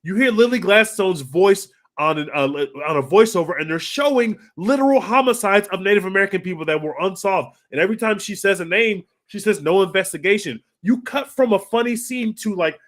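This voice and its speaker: Excitable man, high voice, casual podcast reviewer who swears and gushes. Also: a little fast, hardly any pauses. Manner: excitable, gushing, swears freely. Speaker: podcast co-host. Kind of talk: casual film review chat.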